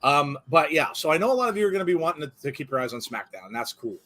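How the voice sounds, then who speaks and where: A man's voice: a little high, very fast. A man hosting a live wrestling watch-along, chatting casually and rambling with frequent laughter. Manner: animated, rambling, laughs often. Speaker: host.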